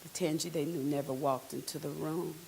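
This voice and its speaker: A woman performing a theatrical one-woman stage monologue, emotional and swinging from hushed lines to shouted ones. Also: low-pitched, fairly even intonation, brisk, gravelly, a little hiss or hum.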